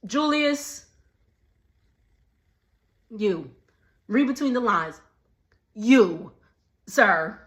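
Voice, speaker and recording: A woman, giving a sassy, animated casual recap and talking back to the people on screen. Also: fairly high pitch, drawn-out words, pauses often, echoey room. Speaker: recap vlogger.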